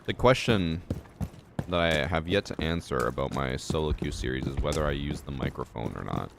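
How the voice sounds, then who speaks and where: A young man with a strikingly deep voice talks loosely while playing a game on stream. His speech is relaxed and rambling, full of filler words. The mouse and keyboard clatter clearly behind him throughout. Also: moderate pace. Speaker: gaming streamer. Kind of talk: casual live-stream chat while playing. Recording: steady clicking noise in background.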